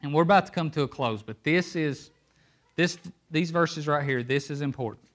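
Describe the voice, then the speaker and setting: A man with a fairly high voice preaches a sermon into a handheld microphone at a moderate pace. He's emphatic and draws his listeners in by asking them questions.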